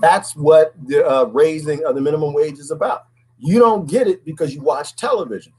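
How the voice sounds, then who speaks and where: A man's voice: on the high side, brisk, mellow, breathy edge, low-quality recording. A man talking alone in a casual, preachy monologue, often asking "right?" and repeating words. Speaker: commentary host.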